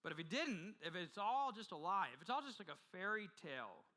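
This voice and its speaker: A male pastor preaching a sermon with passion, swinging from loud urgency to hushed intensity and often restarting his phrases. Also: high voice, big pitch swings, a little fast, poor audio. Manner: frequent repeated restarts. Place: church.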